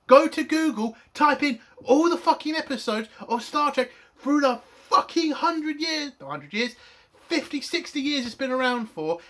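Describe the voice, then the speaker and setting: A man's voice: extremely high pitch, fairly bright tone. A man reviewing a TV episode in an angry, profane rant. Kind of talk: spoken TV review.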